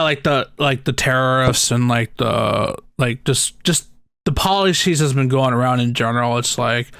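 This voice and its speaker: A man hosts a casual podcast, rambling from one joke to the next and laughing often. His voice has a gravelly edge at an ordinary middle pitch, and the sound is dry and close to the mic. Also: fairly bright tone, no echo. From United States. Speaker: podcast host. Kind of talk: casual chat.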